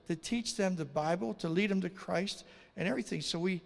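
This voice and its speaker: Man, high voice, gravelly, storytelling preacher, hall reverb. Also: fairly quick. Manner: animated storyteller acting out dialogue. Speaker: missionary preacher. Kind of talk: storytelling testimony sermon.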